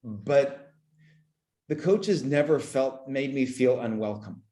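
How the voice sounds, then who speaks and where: Man in his forties, from canada, halting speech with many restarts, emotional, echoey room. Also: mid-range voice, animated, mellow. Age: 40s. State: choked up. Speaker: podcast guest. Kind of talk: reflective conversational interview.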